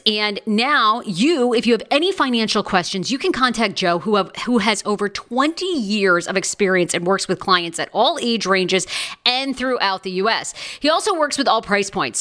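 A woman's voice: mid-range voice, bright, forceful tone. A woman hosting a live celebrity gossip podcast, chatty and gossipy. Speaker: podcast host.

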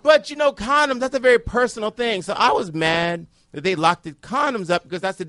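A man telling a comic story in boisterous, profane, animated chat. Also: high-pitched, brisk, few pauses, no room sound, clean studio sound.

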